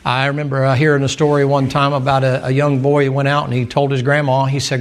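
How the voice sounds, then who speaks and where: A man's voice: medium pitch, level tone, fast talker, hardly any pauses. A man preaching a sermon in a folksy storytelling manner with emphatic asides.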